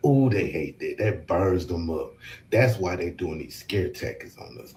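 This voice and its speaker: A man's voice: deep voice, lively intonation, measured pace, a little mellow, slight background noise, rough recording. A man giving impassioned commentary, repeating his points with emphasis. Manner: emphatic, repetitive.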